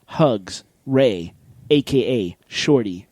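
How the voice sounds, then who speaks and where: A man's voice: medium pitch, animated, slow pace, darkish tone, no echo. Joking middle-aged male podcast host, dry mic. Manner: joking, self-mocking, laughs often. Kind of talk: casual chat.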